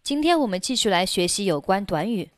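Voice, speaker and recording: A woman teaching English phrases in a slow scripted lesson, reading each line twice with careful diction. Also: mid-range voice, big pitch swings, no room sound, clean studio sound. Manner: reads phrases twice, slowly and clearly.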